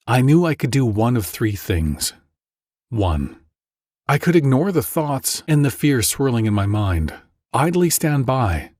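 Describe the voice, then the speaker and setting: Husky man's dramatic ad narration. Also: mid-range voice, darkish tone, no room sound, clean studio sound. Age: 40s. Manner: dramatic confessional storytelling. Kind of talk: scripted narration.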